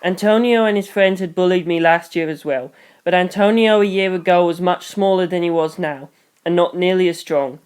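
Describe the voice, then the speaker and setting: A reader narrating a novel in first person, brisk with wry asides. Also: medium pitch, smooth.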